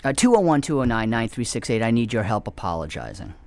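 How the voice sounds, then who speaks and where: A man's voice: big pitch swings, quick pace, creaky, darkish tone, dry recording. Rambling comic host, a man. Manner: rambling and self-mocking, with whispered asides and pitch jumps. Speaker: comedy show host taking calls. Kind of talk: rambling comedic monologue.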